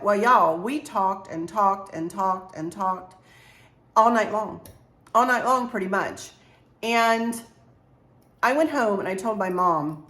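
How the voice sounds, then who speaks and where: Slightly hoarse woman chatting, roomy echo. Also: mid-range voice, measured pace. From Maryland, US. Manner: rambling, warm storyteller addressing viewers as y'all. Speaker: craft vlogger. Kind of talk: casual storytelling chat.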